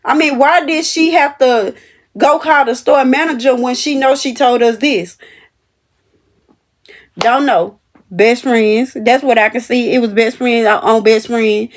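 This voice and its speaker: High-voiced woman telling a work story. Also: a little slow. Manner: animated, emphatic, talks straight to viewers. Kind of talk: casual storytelling to camera.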